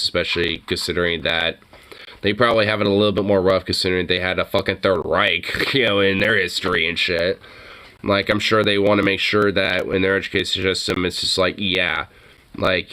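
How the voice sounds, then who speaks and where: Profane ranting man, low voice. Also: sharp tone. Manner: profane, ranting, swings into high mocking voices. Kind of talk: casual reaction chat.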